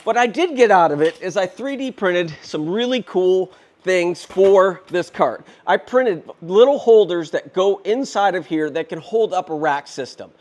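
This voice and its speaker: A fifty-year-old man rushing through a casual DIY vlog, a bit out of breath as he lifts the cart while he talks. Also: high voice, animated, a little mellow. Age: 50s. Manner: rushed and chatty, talking while lifting and handling the cart. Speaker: DIY maker and channel host.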